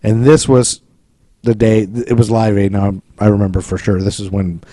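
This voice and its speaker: A man's voice: lowish voice, steady tone, normal speed, mellow, no echo, studio quality. A man co-hosting a podcast in casual chat, rambling and jokey. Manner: rambling, jokey, tries silly accents and sings snatches. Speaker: podcast co-host. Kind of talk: casual chat about eighties pop culture.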